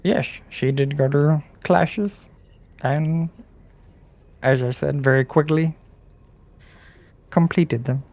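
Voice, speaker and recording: A man serving as game master, narrating a tabletop game in a slow, halting way. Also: a little high, a little mellow.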